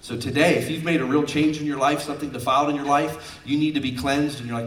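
A man preaching as a pastor, jokey and exhorting, with sudden loud outbursts, heard from off the microphone in a church hall. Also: fairly high pitch, quick pace, few pauses, recorded from a distance, a little hiss or hum. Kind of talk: sermon. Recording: roomy sound from off-mic.

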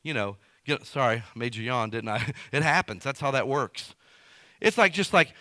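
A man preaching a sermon as pastor, in a lively, conversational way with everyday stories and folksy grammar. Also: medium pitch, moderate pace, no room sound, studio quality.

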